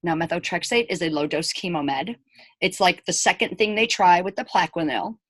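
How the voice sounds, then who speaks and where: A 40-something woman who teaches elementary school talks at normal speed in a lowish voice, with no echo. Her casual storytelling to camera about her own experience is chatty, full of acted-out quotes from others, and punctuated by emphatic, animated asides to viewers.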